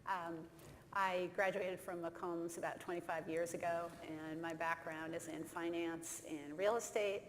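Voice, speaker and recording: A woman's voice: lowish voice, steady tone, unhurried. A woman in her forties introducing herself plainly as a panelist. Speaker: incubator director, panelist. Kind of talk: panel discussion. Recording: reverberant hall, faint room noise.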